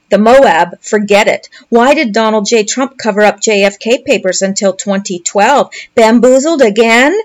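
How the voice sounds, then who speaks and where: A woman commentator reading posts aloud and commenting on them in a sarcastic, mocking way. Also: medium pitch.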